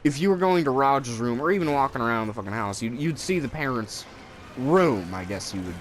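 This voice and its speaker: At medium pitch and a brisk pace, with slight background noise, a young man tells casual stories while playing a video game. As co-host, he's profane and rambling, raising his voice animatedly to deliver quotes.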